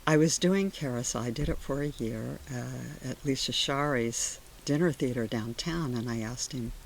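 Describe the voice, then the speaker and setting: An older woman shares personal memories in a relaxed oral history interview. She is animated and slips into the voices of the people in her stories. Her storytelling is conversational and unscripted. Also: a bass voice, moderate pace, creaky, a little hiss or hum. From Sacramento area, USA.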